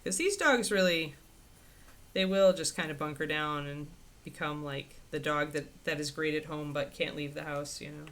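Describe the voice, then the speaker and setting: A woman hosting a livestream, chatting casually and answering viewers' questions in a rambling, animated way with frequent laughter. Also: moderate pace. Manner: animated, swinging pitch into playful quoted voices. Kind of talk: casual chat.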